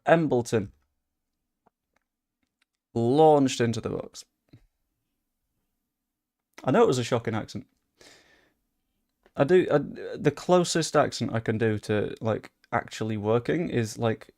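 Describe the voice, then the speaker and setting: Gravelly young man commentating gameplay. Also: medium pitch. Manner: chatty, swearing, excitable bursts. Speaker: gaming streamer.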